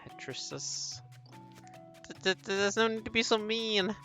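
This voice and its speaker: A man's voice: high-pitched, unhurried, music in the background, voice pushed up. A man voicing a young foreign woman traveler in a story game who stammers and pleads when she gets flustered.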